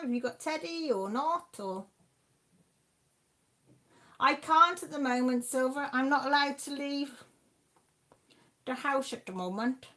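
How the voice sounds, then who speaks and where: A woman's voice: high-pitched, expressive, unhurried, pauses often, a bit bright. A woman hosting a craft livestream, chatting casually as she reads out viewer messages and answers them. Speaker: livestream host. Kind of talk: casual chat reading viewer comments.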